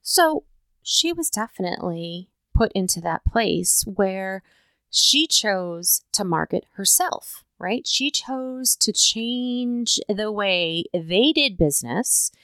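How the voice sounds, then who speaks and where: A woman's voice: medium pitch, animated, takes it slowly, a bit bright, clean tone, dry recording, studio quality. A woman hosting a talk show, speaking casually and emphatically, often checking in with the listener. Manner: emphatic, conversational, keeps asking "right?". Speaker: podcast host.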